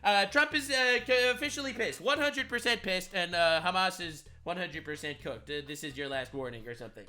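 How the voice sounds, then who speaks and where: A man giving sarcastic, mocking reaction commentary on a video clip, excitable and quick to ridicule. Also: high-pitched. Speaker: commentary YouTuber.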